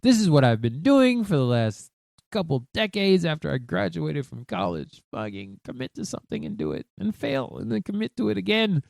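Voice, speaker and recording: A man's voice: fairly high pitch, normal speed, vocal fry, no echo, studio quality. A man in his thirties hosting a solo podcast, talking with emphatic profanity and lots of self-talk. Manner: profane, emphatic, animated, talks to himself. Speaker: podcast host.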